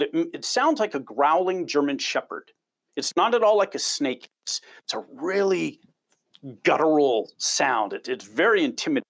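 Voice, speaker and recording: Middle-aged guy w/ a slightly high voice, researcher telling stories in an interview, gets excited, stumbles on repeated words. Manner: enthusiastic storyteller, repeats words when starting sentences. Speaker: biology researcher. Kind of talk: casual interview answers.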